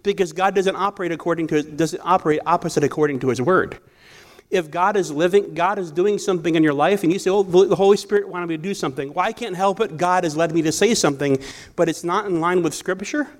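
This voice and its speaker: A man's voice: high-pitched, fast. A man preaching a sermon in a conversational storytelling way, often restarting his sentences. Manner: conversational, storytelling, self-correcting. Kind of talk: sermon with personal stories.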